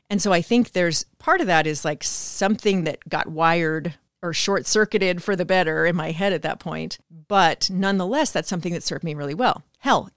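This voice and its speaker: A woman's voice: lowish voice, no room sound. Woman with a dry close voice telling stories. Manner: candid storytelling with quoted asides and laughs. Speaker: podcast host. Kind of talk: solo podcast monologue.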